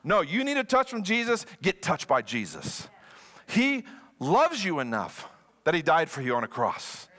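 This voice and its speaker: Man, sermon, playful, bright, slightly high. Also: measured pace. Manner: animated, playful preaching. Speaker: guest pastor.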